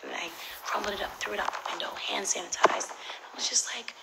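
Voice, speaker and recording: A young woman telling a story on a phone livestream, animated and profane, swinging between loud outbursts and whispered asides. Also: medium pitch, a little fast, vocal fry, rough recording. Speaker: social media personality on a livestream.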